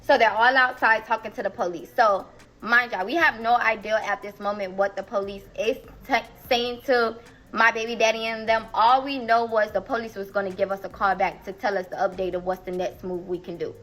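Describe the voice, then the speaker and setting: A woman's voice: medium pitch, steady tone, brisk, a bit bright, rough recording. A young woman telling a dramatic personal story in a casual vlog, emotional and repetitive, speaking straight to her viewers.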